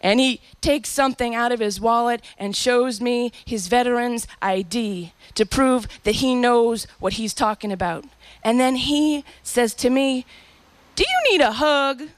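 A woman's voice: a little high, unhurried, no echo. A woman performing a spoken-word story in a reflective, poetic and emotional way.

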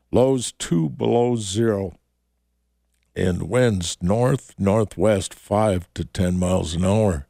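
Male radio DJ, gravelly low voice, slow halting weather read, dry studio sound. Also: darkish tone, no room sound. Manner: unhurried, reads the forecast in short halting phrases. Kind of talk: radio DJ patter and weather forecast.

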